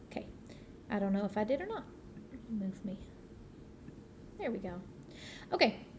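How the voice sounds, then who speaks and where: A woman's voice: a little high, slight background noise. A woman teacher giving a patient phonics lesson to young children, sounding out the parts of words.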